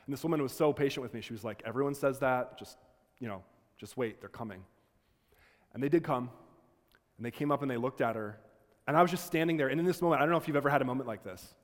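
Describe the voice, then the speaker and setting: Speaking very fast in a mid-range voice, a man tells his students a personal story, earnest and conversational, with frequent restarts. The recording carries long hall reverb.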